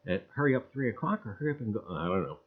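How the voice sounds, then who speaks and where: A man hosting a casual livestream, loudly greeting viewers in a sing-song voice and muttering low asides, with "I tell you what" as a catchphrase. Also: big pitch swings, racing, husky. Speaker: livestream host. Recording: dull, lo-fi livestream audio.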